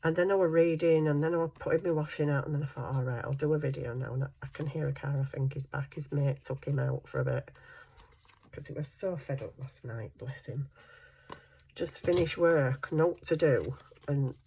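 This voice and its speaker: A woman's voice: sits low, normal speed, mellow, breathy edge. A middle-aged woman, chatting casually and thinking aloud as she works on a craft project. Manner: chatty, thinks aloud while working, self-deprecating. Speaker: craft vlogger. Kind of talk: casual chat while crafting.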